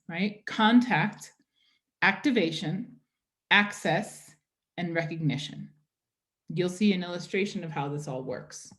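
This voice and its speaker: A woman teacher giving a lecture in an online class. She talks at an everyday middle pitch and explains things patiently, one step at a time. She keeps checking in with her students by asking "right?" and "okay?".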